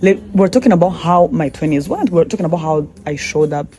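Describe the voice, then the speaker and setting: A woman's voice: sits low, brisk, warm tone. A woman guest in a casual conversation, telling stories animatedly and quoting herself in dialogue.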